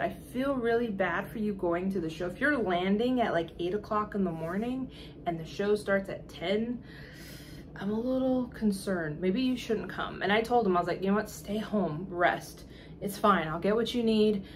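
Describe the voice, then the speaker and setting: A woman's voice: mid-range voice, slight background noise. Exasperated woman vlogger telling a story. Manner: animated, exasperated, laughs often, acts out quoted dialogue. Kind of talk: casual storytelling review.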